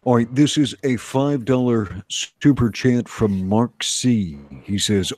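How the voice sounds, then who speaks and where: A man's voice: medium pitch, slow, hardly any pauses, a little mellow, no echo. A man co-hosting a livestream, reading fan messages aloud in a laid-back, casual way. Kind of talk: casual chat.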